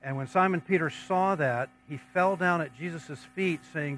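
A man's voice: on the high side, normal speed, noisy background. A man preaching a sermon, reading scripture passages aloud and then commenting on them in a conversational way.

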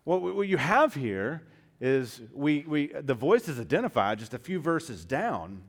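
A man preaching a sermon as pastor, with impassioned delivery that swings from hushed tones to loud emphasis and calls the listeners beloved and dear friends. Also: on the high side, big pitch swings, a little slow.

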